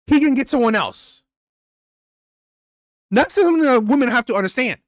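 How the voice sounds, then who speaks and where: Brief: male reaction host, high lively voice, blunt crude rant, dry close sound. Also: moderate pace, pauses often, dry recording. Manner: blunt, crude, repetitive and heated. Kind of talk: ranting commentary on a played clip.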